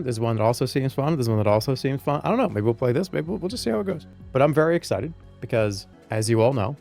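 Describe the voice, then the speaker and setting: A man in his thirties talks to his livestream audience in a loose, joking way, going off on rambling rants that spike into loud bursts. His voice sits at an ordinary middle pitch. Soft music plays quietly underneath. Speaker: streamer. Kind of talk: casual livestream chat.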